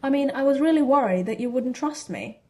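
A woman's voice: sits high, lively intonation, fairly quick, a little mellow, pitched above the performer's own voice. A woman voicing a scheming, cheeky teenage boy wizard in a storybook reading, with a brash, teasing manner.

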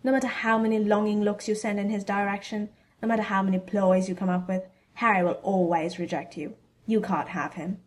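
A woman's voice: medium pitch, steady tone, fairly quick, lightly acted. Woman reader doing a blunt, scheming schoolboy wizard; brash and teasing. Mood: sneering. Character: scheming teenage boy wizard, cheeky and blunt.

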